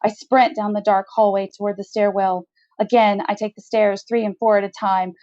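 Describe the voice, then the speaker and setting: A woman author reads her own first-person short story in a steady, measured way. Her pitch is middling. The recording is slightly dull and lo-fi.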